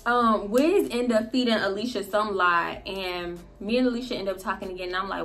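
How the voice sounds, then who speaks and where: A woman vlogger in the middle of a story, talking casually and with a lot of energy. Her speech is loaded with slang and profanity, and she throws in quick laughing asides. Her voice sits at a middle pitch. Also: fairly bright tone, faint music behind.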